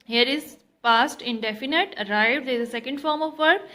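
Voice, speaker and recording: A woman teaching a grammar lesson to students, explaining slowly and repeating key words, switching into Hindi now and then. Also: high voice, pushed and bright, low-quality recording.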